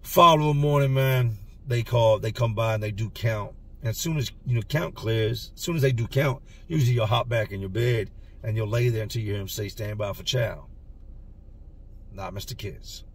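A man's voice: medium pitch, fairly quick, distant mic. A man casually telling a story about his past in street slang, acting out the dialogue. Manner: street slang, animated retelling with quoted dialogue. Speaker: storyteller recalling prison time.

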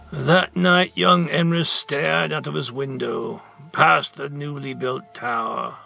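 A male storyteller reads a picture book aloud, slowly and dramatically, leaning on key words. His voice sits a little high with a gravelly texture. Music plays clearly underneath. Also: steady tone, sharp tone. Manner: dramatic, slow, emphatic narration. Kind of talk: expressive read-aloud storytelling.

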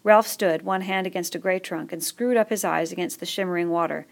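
A woman with a low voice and a gravelly creak narrates a novel aloud. Her storytelling is steady and measured, paced for listening. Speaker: audiobook reader. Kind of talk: scripted narration.

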